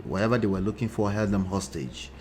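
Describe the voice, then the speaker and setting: A man's voice: lowish voice, animated, fairly quick, a little mellow, a little hiss or hum. A man with a mixed Nigerian and New Jersey accent, hosting casual commentary in a chatty way, often checking in with "right?". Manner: chatty, frequent rhetorical "right?" and asides. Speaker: relationship talk host.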